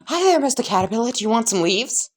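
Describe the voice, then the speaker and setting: Woman voicing a sunny, oblivious teen hero boy, high and bouncy, fan-story reading. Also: huge pitch swings, brisk, fairly bright tone, heavily acted. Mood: bubbly. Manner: bubbly, childlike and oblivious. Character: cheerful, spacey young male hero student.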